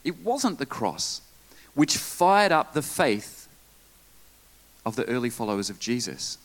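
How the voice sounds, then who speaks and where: Lively, animated male preacher. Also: mid-range voice, a little slow. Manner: lively preaching with asides and jokes. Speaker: pastor. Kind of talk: sermon.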